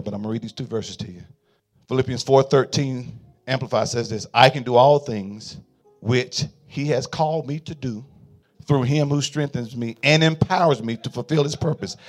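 A male pastor preaching a sermon in a call-and-response style, swinging from quiet murmurs to fervent shouts. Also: mid-range voice.

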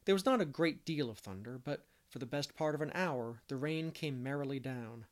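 Steady male audiobook narrator. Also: mid-range voice, normal speed. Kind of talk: scripted narration.

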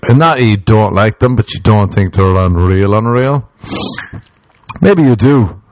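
A man's voice: fairly low pitch, lively intonation, unhurried, a little mellow, a little hiss or hum. A young Irish man hosting a comedy podcast alone, rambling jokily and slipping into mocking voices. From Ireland. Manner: rambling, jokey, jumps into mocking put-on voices. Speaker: podcast host. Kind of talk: comedic solo podcast monologue.

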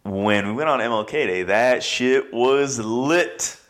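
A man's voice: mid-range voice, takes it slowly, a bit bright. A man co-hosting a podcast in casual chat, easygoing and joking, with some swearing. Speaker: podcast co-host.

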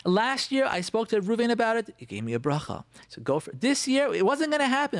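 A radio talk show host speaks in a very high voice at a quick pace with few pauses, on a dry recording. Animated and enthusiastic, he promotes an event by repeating phrases and sprinkling in Hebrew expressions.

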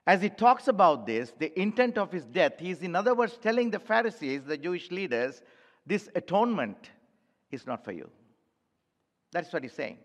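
High-voiced pastor preaching in a reverberant hall. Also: male voice, sing-song, moderate pace. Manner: emphatic preaching, addresses congregation as church. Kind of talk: sermon. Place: church sanctuary.

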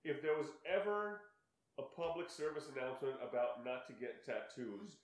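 A middle-aged man co-hosting a casual chat, telling a story with lots of laughter and animated delivery. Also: medium pitch, moderate pace, slight background noise. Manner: animated storyteller, laughs often, voices others in quotes. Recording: echoey room.

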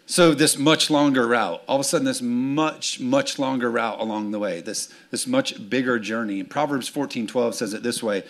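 A man's voice: mid-range voice, moderate pace, few pauses, fairly bright tone. A man preaching a sermon as pastor, telling stories, acting out voices and asking the congregation for amens. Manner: storytelling, acts out voices, asks for amens. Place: church sanctuary with congregation.

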